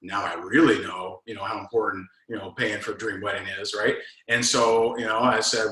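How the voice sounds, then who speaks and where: A man runs a casual sales coaching talk in a bright, forceful voice. He tells stories animatedly and plays both himself and his prospects. The sound carries a roomy echo. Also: lowish voice, brisk. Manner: animated storyteller, acts out both sides of conversations. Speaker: network marketing trainer.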